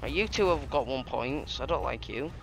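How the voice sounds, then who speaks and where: A man giving excitable, trash-talking commentary over his gameplay, laughing often. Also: mid-range voice, brisk, gravelly, faint music behind. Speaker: gaming YouTuber.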